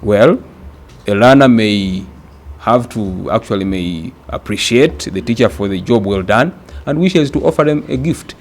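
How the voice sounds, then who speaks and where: Deliberate man teaching a grammar lesson. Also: on the low side, animated, slight background noise. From Uganda. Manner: deliberate, repeats words for emphasis, addresses "dear candidates". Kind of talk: recorded exam-prep grammar lesson.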